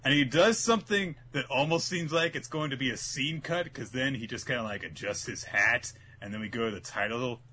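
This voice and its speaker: A man casually recapping an anime episode with a co-host, acting out the characters in quick put-on voices and laughing often. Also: mid-range voice, pushed and bright, slight background noise. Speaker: podcast co-host.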